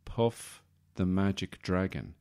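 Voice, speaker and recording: A man's voice: deep voice, animated, slow, darkish tone, smooth. A man hosting a comedy podcast, talking in a wry, self-deprecating, digressive monologue. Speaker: podcast host.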